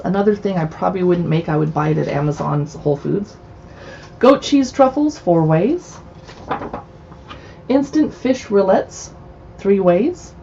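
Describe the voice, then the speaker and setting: A woman's voice: medium pitch, a little mellow, dull audio, slight background noise. A woman hosting a casual cookbook livestream, reading recipe titles aloud and adding chatty asides. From US West Coast. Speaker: cookbook show host. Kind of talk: casual livestream book browsing. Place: home in a city.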